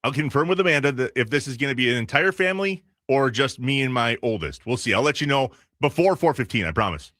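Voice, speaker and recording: A man hosting a sports radio show, bantering playfully and reading promos briskly. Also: mid-range voice, lively intonation, a bit bright. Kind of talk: casual radio chat and show reads.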